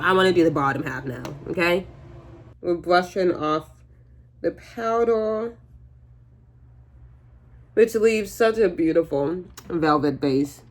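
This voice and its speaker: A woman's voice: on the low side, measured pace, pauses often, a little hiss or hum. Chatty woman doing a makeup vlog. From United States. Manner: chatty, jokey, rambling with fillers and swearing. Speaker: beauty vlogger. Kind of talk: casual makeup tutorial chat.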